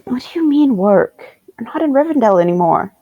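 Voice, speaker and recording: A woman's voice: on the high side, lively intonation, a little fast, slightly rough, no room sound, highs cut off, pitched above the performer's own voice. A woman playing a worried young woman who anxiously pleads with her companion in a tabletop game. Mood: pleading.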